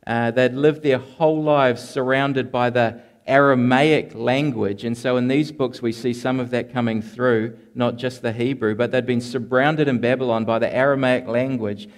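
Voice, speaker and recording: A man's voice: mid-range voice, fairly even intonation. Earnest man preaching a sermon. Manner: earnest expository preaching, slows to stress key lines; repeats words and restarts phrases. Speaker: pastor.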